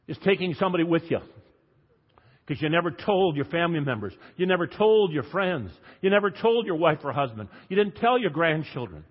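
An older man preaching an evangelistic sermon, telling stories dramatically and moving from hushed tones to loud emphatic passages. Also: a little high, big pitch swings, fairly quick, husky. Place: church sanctuary. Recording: dull sound with long hall reverb.

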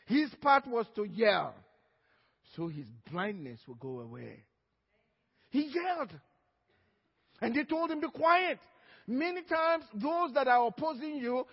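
A male pastor delivering an emphatic sermon and drawing amens from the congregation. His voice is strikingly high for a man. It carries through a long church echo on a muffled, dull recording. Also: slightly rough. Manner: emphatic preaching, calls for amen. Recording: dull, echoey church hall.

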